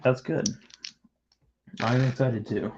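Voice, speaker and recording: A man's voice: medium pitch, fairly even intonation, takes it slowly, background noise. A man hosting a livestream, chatting casually and teasing his co-host while building, with rambling talk and frequent restarts. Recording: muffled lo-fi stream audio.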